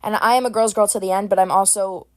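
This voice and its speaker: A woman's voice: medium pitch, steady tone, quick pace, darkish tone, dry recording, studio quality. A young woman hosting a podcast in casual chat, chatty and rambling with lots of fillers and restarts, blunt and opinionated. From Boston area. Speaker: podcast host.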